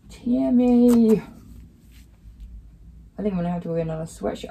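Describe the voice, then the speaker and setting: This woman's voice is on the high side, a little slow, creaky, mellow and husky. She hosts a casual crafting vlog, chatting and rambling with plenty of fillers.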